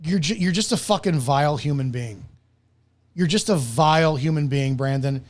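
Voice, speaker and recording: A man's voice: fairly high pitch, moderate pace. Heated, profane male commentator. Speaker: commentator and host. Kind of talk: reaction commentary.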